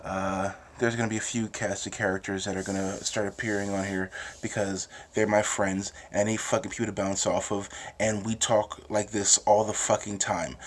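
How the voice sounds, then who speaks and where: A man's voice: lowish voice, slight background noise. A young man from New Jersey with a Jersey accent, hosting a casual, rambling monologue full of swearing and restarts. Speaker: host.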